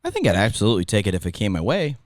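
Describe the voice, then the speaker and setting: Speaking rapid-fire with a fairly low voice whose pitch swoops wildly, this Californian-accented, middle-aged ex-radio host rambles through stories on a casual podcast. He keeps interrupting himself and restarting sentences, captured in studio quality with no room sound.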